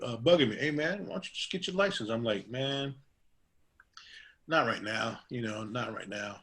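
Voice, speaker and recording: Middle-aged male barber guest, casual storyteller, rambling delivery with lots of "you know". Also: mid-range voice. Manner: rambling, many fillers and restarts; acts out quoted dialogue in a raised voice.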